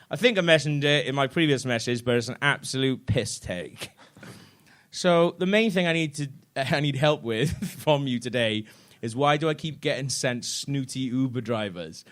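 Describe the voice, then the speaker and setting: A man's voice: mid-range voice, normal speed, a bit bright. A man hosting a live comedy podcast, telling a story and reading out messages in mock voices while laughing often. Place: theatre stage before a live audience.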